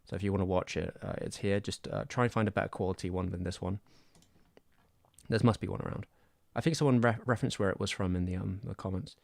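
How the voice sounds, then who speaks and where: His voice is deep and creaky, steady in tone yet quick, with no echo. This young English streamer from the Southwest speaks with a West Country accent, rambling and self-deprecating as he chats casually on a close mic.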